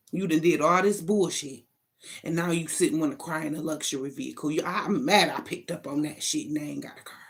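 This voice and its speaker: A woman's voice: on the low side, creaky. Woman, card reader, casual spiritual monologue; blunt, profane, sassy delivery. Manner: thinks aloud between short bursts.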